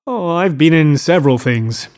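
A man's voice: on the high side, lively intonation, moderate pace, a little mellow, lightly acted. A showy, eager rich young man, as a male audiobook reader puts him on, boasting about his house and calling everyone "old sport". He sounds eager to please and a little anxious under the brag. Audiobook storytelling.

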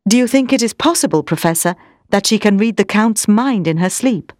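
A cautious male doctor asks careful, doubtful questions, read by a woman. The voice stays mid-pitched and close to her own, with a dry sound. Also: lively intonation, fairly quick, darkish tone, no echo, lightly acted.

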